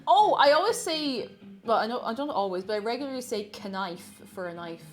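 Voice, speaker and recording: A woman's voice: on the high side, animated, fairly quick, faint music behind. A young Irish woman streaming from home, chatting casually and reading out viewer comments with frequent giggles and rambling asides.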